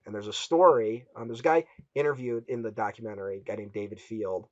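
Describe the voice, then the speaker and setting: A man's voice: on the low side, fast talker, no echo, lo-fi sound. A man hosting a casual film podcast, retelling a story with quotes he acts out. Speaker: podcast host.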